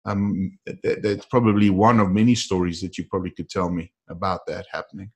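Man, host, faith-based talk, encouraging, somewhat low pitch. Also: flat delivery, brisk, darkish tone, breathy edge. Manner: encouraging, preacher-like.

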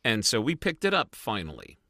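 A middle-aged man co-hosting a casual review podcast, telling stories in an animated, chatty way. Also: lowish voice, fairly quick, dry recording, clean studio sound. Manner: animated, tells stories with lively asides. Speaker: podcast co-host. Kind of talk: casual chat.

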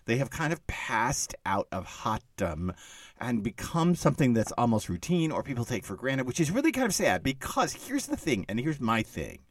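A man's voice: mid-range voice, very animated, normal speed, dry recording, clean studio sound. A man co-hosting a cooking podcast in casual chat, chatty with wry asides and frequent laughs. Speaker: podcast co-host.

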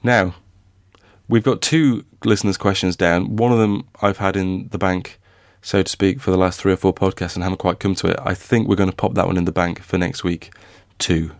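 A man's voice: sits low, fairly even intonation, moderate pace, dry recording, clean studio sound. A man co-hosting a podcast about writing, talking casually with many restarts and fillers. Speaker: podcast co-host, novelist.

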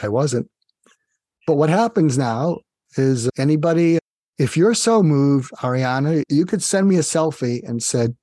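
A man, a psychiatrist guest, telling a story in a lively, engaging way and speaking directly to the host. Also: a little high, normal speed, no echo, clean studio sound. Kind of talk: conversational storytelling.

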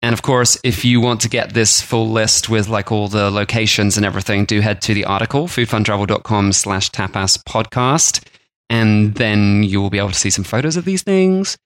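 A man co-hosting a casual food podcast. He chats easily and jokes often, now and then mimicking imagined people. His delivery is relaxed and conversational. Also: lowish voice, moderate pace, dry recording. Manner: chatty, jokey, puts on silly voices for imagined people. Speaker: podcast co-host.

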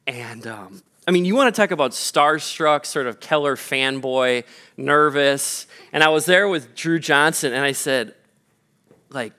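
A man's voice: on the high side, expressive, brisk, pushed and bright, clear, resonant tone. A man from Minnesota, a pastor giving a conversational sermon full of fillers and restarts. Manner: chatty storytelling with many fillers and restarts.

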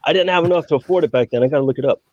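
Quick, husky, deadpan man. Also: fairly high pitch, no room sound, highs cut off. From Southern California. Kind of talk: casual comedy chat.

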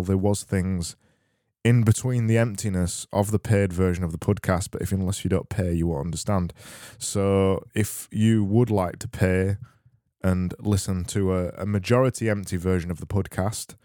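A man hosting a casual solo podcast, reading out listener messages with deadpan, rambling sarcasm. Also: sits low, moderate pace, dry recording, clean studio sound. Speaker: podcast host.

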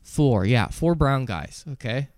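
A podcast co-host in his twenties tells a casual story, animated and laughing as he goes while acting out other people's voices. His mid-range voice is clear and resonant, his pace slow, and the recording is dry and studio quality.

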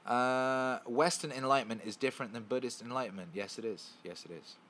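A man's voice: mid-range voice, fairly quick, fairly bright tone. A man hosting a casual live stream, answering chat questions in an emphatic, profane, repetitive way.

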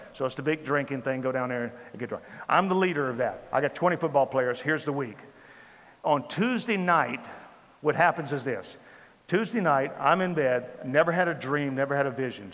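A man giving a sermon testimony, telling his story with lively repetition. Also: mid-range voice, big-room sound. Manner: animated storytelling with repeated phrases. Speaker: preacher.

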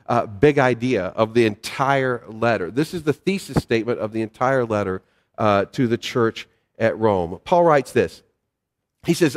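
Pastor preaching in a reverberant hall. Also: male voice, medium pitch. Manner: conversational preaching with fillers and storytelling. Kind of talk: sermon.

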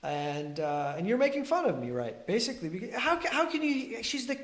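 A man's voice: high voice, very animated, brisk, a bit bright, roomy sound, full character voice. A man voicing a desperate, lovesick young male gardener who pleads in an agitated way. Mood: indignant.

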